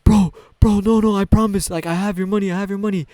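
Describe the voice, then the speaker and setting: A man's voice: fairly even intonation, quick pace, no echo, natural voice. A man voicing a panicky, stammering man who insists he has the money. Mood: panicky pleading. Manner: stammering, repeating himself, high and loud. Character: panicky pleading man caught in a lie.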